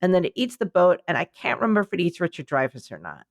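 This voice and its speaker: Gravelly, low-ish and fast, with big pitch swings, this sleepy American woman wanders through a story on her podcast, where she's a co-host. She slips into goofy voices for the people involved, and her casual, comedic rambling is captured dry and close, without any room around it.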